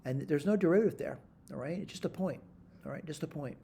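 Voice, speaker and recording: A man's voice: a little high, fast talker, gravelly, mellow, husky. A man teaching math in a screen-recorded tutorial, talking his steps through aloud, correcting himself and checking in with "all right?". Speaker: math instructor.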